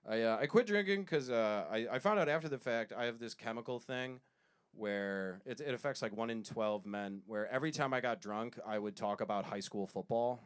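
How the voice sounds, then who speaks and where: A man telling stories in a stand-up comedy set, self-deprecating, with quick asides. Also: mid-range voice, smooth.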